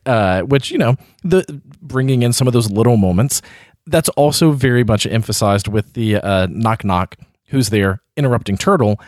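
A man's voice: mid-range voice, lively intonation, moderate pace, a little mellow, no echo, clean studio sound. A man hosting a podcast, talking casually and animatedly about a film, rambling and swearing a bit. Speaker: podcast host.

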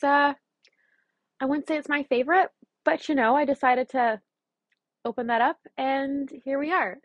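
A young adult woman hosting her own podcast, talking in a chatty, blunt and animated way, with the odd swear word. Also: on the high side, dry recording. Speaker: podcast host. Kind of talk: casual solo podcast monologue.

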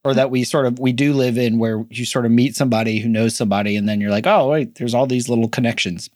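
A male podcast host asks his guests about their work. He sounds easygoing and curious, at a middling pitch, and the recording is close and dry. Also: steady tone, quick pace, a little mellow, dry recording. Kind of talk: interview questions, casual.

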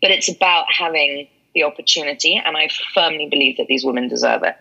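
A London woman, an actress and mentor, speaks candidly and emphatically in a casual interview, laughing often. Her voice is low, quick, gravelly and sharp, with a London English accent. The audio is dull and lo-fi.

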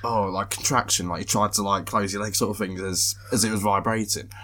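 A man's voice: lowish voice, steady tone, a little fast, a bit bright, a little hiss or hum. A man who runs a shop, co-hosting a podcast in casual chat with dry, joking asides. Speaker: podcast co-host, shop owner.

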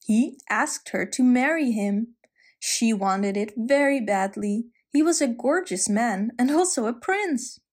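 Lady reading a fairy tale, gentle, talks to the listener, kinda high voice. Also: lively intonation, measured pace. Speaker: storyteller.

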